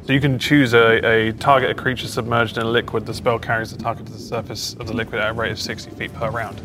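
A man's voice: medium pitch, flat delivery, quick pace, over music. A man, a player chatting playfully in a tabletop game. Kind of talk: casual in-character play.

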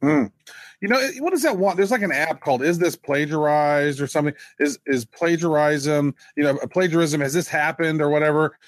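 Male co-host, higher voice, dry close mic, loose and jokey. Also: brisk, no echo. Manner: animated, joking, mimics others in quotes. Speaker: podcast co-host. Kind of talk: casual chat.

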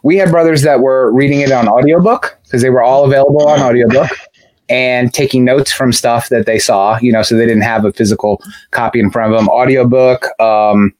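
A man co-hosting a podcast, chatty and anecdotal, dropping slangy asides as he talks. His voice has an ordinary middle pitch. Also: steady tone, a little fast, darkish tone. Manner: chatty, storytelling, uses slang. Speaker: podcast co-host. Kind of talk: casual chat.

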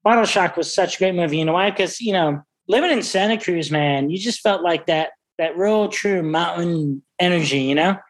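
A middle-aged man, a restaurant owner, talking brashly and profanely in a casual interview, full of excited stories. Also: high-pitched, normal speed, few pauses, rough recording. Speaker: restaurant owner and wine expert.

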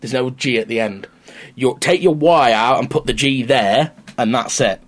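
A man's voice: mid-range voice, normal speed. A man co-hosting a podcast, chatting casually and joking around. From England. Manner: jokey, banters and does silly voices. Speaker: podcast co-host. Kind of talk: casual chat.

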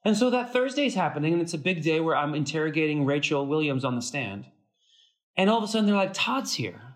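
Animated man telling stories, higher voice. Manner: animated, acts out quoted dialogue with big pitch jumps; frequent fillers and restarts, fast bursts. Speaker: actor, interview guest. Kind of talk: casual interview storytelling.

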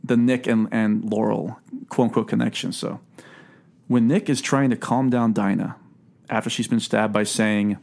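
A man hosting a casual podcast chat about a book, sarcastic and quick to laugh, reading quotes aloud. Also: mid-range voice, gravelly, a little mellow. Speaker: podcast host.

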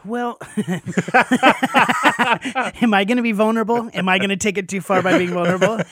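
A man from Oregon, co-hosting a podcast and telling a story in a lively, laughing way, acting out the people in it. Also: high voice, brisk, no echo, studio quality. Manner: animated, laughing storyteller who acts out other people. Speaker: podcast co-host.

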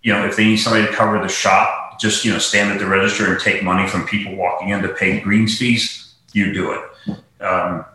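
A man's voice: deep voice, level tone, brisk, bright, forceful tone. A man from Lancaster, Pennsylvania, a golf professional telling a long casual story, rambling with lots of fillers. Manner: rambling, many "you know" fillers. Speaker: podcast guest, golf professional. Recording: very echoey room.

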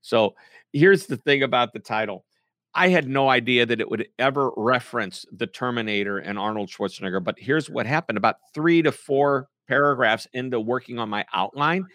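A man, a book author, answering interview questions in a lively, joking way. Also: mid-range voice, dry recording, studio quality. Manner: animated, playful, jokes and puts on quick impressions. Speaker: author and podcast guest.

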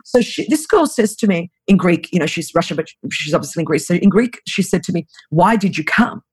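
A woman in her fifties, a guest on an interview podcast, telling her story in an earnest, urgent, fast-flowing way. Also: lowish voice, very animated, a little mellow, husky. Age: 50s. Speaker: guest, anti-trafficking founder.

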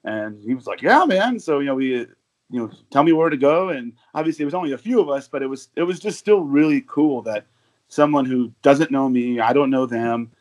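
A man's voice: medium pitch, fairly quick, darkish tone. American guy rambling on a podcast, lots of likes and uhs, mid voice. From United States. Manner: rambling storyteller with many fillers and restarts. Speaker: guest, overseas football supporter. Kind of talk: casual podcast chat.

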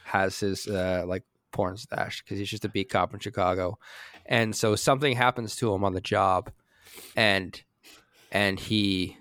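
A man's voice: fairly low pitch, steady tone, measured pace, a bit bright, dry recording, clean studio sound. A man co-hosting a podcast, rambling through ideas in casual chat and getting exasperated with the others. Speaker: podcast co-host.

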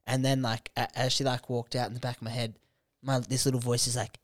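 A man's voice: mid-range voice, no echo, clean studio sound. A young man hosting a podcast, telling stories animatedly with lots of swearing and laughter. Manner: animated storyteller, swears freely, quick laughs. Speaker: podcast host. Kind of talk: casual chat.

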